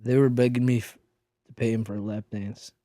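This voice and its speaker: A man's voice: mid-range voice, little pitch movement, a little fast, warm tone, no echo. A man tells an embarrassing story to a friend in loose, rambling chat. He leans on "like" fillers and restarts his sentences. The mic is close and the sound is dry. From Minnesota. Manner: rambling, lots of "like" fillers, self-interrupting. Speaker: podcast co-host.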